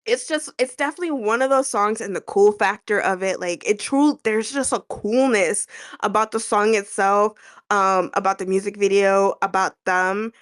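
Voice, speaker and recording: A woman's voice: mid-range voice, moderate pace. A woman with a stuffy, nasal voice from a cold, chatting animatedly and gushing as co-host of a music reaction video. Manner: animated, gushing, swearing freely. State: stuffy and a little sick. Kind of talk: casual reaction chat.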